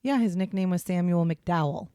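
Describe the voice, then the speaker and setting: A woman's voice: fairly low pitch, normal speed, warm tone, no echo, clean studio sound. A woman co-hosting a casual true crime podcast, chatting in a rambling way with fillers, recording in a small hotel room. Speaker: podcast co-host. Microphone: headphones and portable podcast setup.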